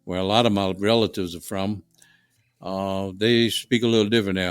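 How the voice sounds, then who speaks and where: A man's voice: lowish voice, fairly even intonation, moderate pace, clean tone, no echo, studio quality, faint music behind. A man with a New Orleans accent, a guest telling folksy, rambling stories at home. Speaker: guest, HVAC contractor. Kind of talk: casual storytelling. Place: home dining room.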